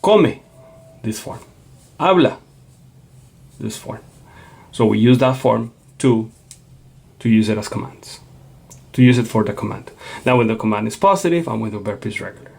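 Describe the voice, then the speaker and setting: A man's voice: on the low side, fairly quick, creaky, long pauses, darkish tone, husky. A man teaching a Spanish lesson, explaining patiently and checking in with a frequent "okay?". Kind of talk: classroom lecture.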